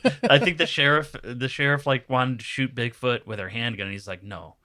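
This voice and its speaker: A man's voice: mid-range voice, a little fast, sharp tone. A man chatting as a guest on a podcast, laughing often as he retells scenes. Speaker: comedian guest. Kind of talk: casual podcast chat.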